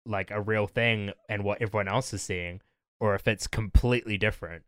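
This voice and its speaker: A man's voice: lowish voice, steady tone, fairly quick, no echo, studio quality. A young man in casual podcast chat, reflective as he recounts a memory. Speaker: podcast guest.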